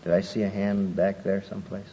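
A man preaching a sermon, lively and conversational, acting out people's excuses in a raised voice. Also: fairly quick. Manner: animated, acts out quoted excuses in a higher voice. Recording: muffled old hall recording with faint noise.

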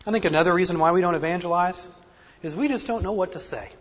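Speaking fast in a voice that sits high, this preacher delivers his sermon earnestly and with self-deprecating emphasis, a slight speech impediment audible. It's captured in a dull, lo-fi recording in an echoing hall.

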